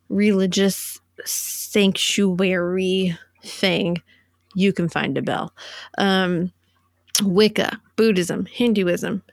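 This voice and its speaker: A woman's voice: mid-range voice, gravelly, no echo. Chatty woman podcast co-host, dry close sound. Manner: chatty, laughing, rambling asides. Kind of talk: casual chat.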